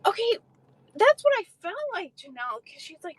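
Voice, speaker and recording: A woman's voice: sits high, sing-song, a little fast, no echo, rough recording. A young adult woman casually chatting on a livestream, swearing freely and answering viewers' comments. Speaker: livestream host.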